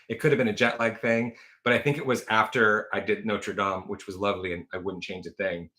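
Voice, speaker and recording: Chatty bright-voiced man on a livestream. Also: lowish voice, steady tone, fairly quick. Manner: chatty rambling storyteller, frequent fillers and self-corrections. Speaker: livestream host. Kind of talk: casual livestream chat.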